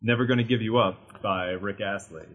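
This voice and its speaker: Low, husky man chatting on a podcast. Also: fairly even intonation, moderate pace, fairly bright tone. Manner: easygoing, rambling with fillers. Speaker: podcast co-host. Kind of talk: casual podcast chat.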